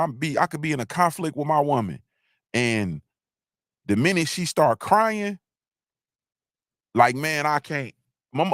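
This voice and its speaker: A man's voice: on the high side, fairly bright tone, no echo, clean studio sound. A man hosting a livestream, talking in a loose, rambling monologue with slangy asides and many restarts. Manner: rambling, repeats himself, frequent restarts, slangy. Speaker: livestream host.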